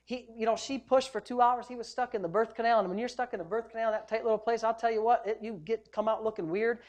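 A middle-aged man, a pastor, preaching a sermon in an animated, joking way with frequent exclamations of praise. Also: extremely high pitch, fast talker.

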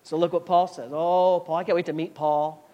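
Male pastor with a very high voice, emphatic repeating preacher style. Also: flat delivery, moderate pace, dark tone, highs cut off. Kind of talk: sermon.

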